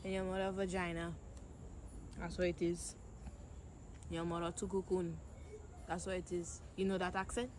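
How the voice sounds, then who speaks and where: A woman's voice: lowish voice, little pitch movement, normal speed, long pauses, darkish tone, slight background noise. A woman, talking bluntly and scolding with lots of swearing on the street. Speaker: passer-by being pranked.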